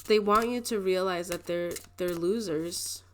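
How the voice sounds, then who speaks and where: A woman's voice: fairly low pitch, a little slow, a little hiss or hum. A woman giving a casual tarot card reading to her viewers. She talks in a rambling, emotional way, laughing often and filling her speech with "like". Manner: rambling, emotional, with frequent laughs and filler words. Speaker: tarot reader.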